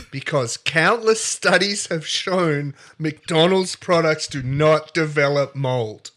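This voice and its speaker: A man's voice: on the high side, slow, fairly bright tone. Aussie guy rambling thru a story on a podcast, goofy and chatty. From not American. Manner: playful, rambling, self-interrupting. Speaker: podcast co-host. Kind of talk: comedic story retelling.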